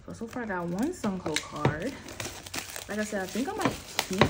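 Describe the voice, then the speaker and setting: Chatty young woman, lively exclaiming voice. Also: medium pitch, moderate pace, very noisy. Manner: chatty, exclaims and gasps often, trails off mid-sentence. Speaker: album unboxing vlogger. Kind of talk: casual unboxing chat.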